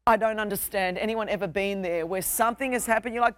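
A woman's voice: mid-range voice, fast talker, no room sound. A young adult woman with an Australian accent, preaching a sermon as pastor with a passionate, emphatic, repetitive cadence.

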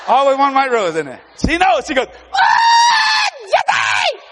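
An older man preaching a sermon, telling joking stories with exuberant bursts of shouting. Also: extremely high pitch, big pitch swings, fast talker, heavy background noise.

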